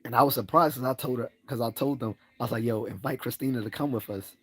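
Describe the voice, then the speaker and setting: Quick and husky with a fairly bright tone, a male livestream host launches into a rambling, casual personal story. He laughs frequently and acts out quoted remarks in a higher voice.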